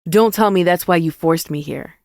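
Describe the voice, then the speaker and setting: A woman's voice: fairly low pitch, normal speed, mellow, dry recording, clean studio sound, close to an everyday voice. A woman voicing a sly, teasing young man. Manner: sly and conspiratorial.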